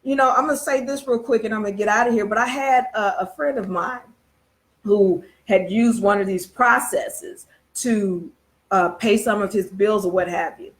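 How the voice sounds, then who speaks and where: On a casual live stream, a woman with a medium-pitched voice tells a parable at a moderate, meandering pace. She fills it with fillers, restarts and rhetorical questions.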